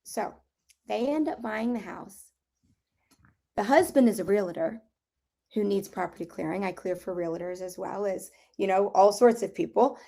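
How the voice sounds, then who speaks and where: A middle-aged woman who works in property clearing tells a story in a casual group conversation, acting out what people said and laughing as she goes. Her mid-range voice is slightly hoarse, she clears her throat, and her pace is moderate.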